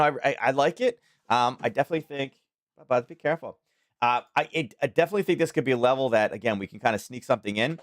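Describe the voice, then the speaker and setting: A man's voice: mid-range voice, a bit bright, no room sound, studio quality. A man from Maryland hosting a live trading stream, talking in a casual, rambling way with many fillers and restarts. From Maryland, USA. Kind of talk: casual live market commentary.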